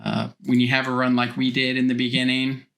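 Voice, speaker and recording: A podcast host with a bright, forceful tone. The talk rambles with plenty of hesitation, and the host laughs along in a loose, casual chat. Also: medium pitch, monotone, a little fast, vocal fry.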